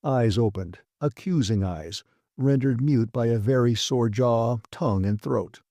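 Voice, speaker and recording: A man reading a classic science fiction audiobook with brisk, vivid storytelling. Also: mid-range voice, warm tone, dry recording. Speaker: audiobook narrator. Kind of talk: scripted narration.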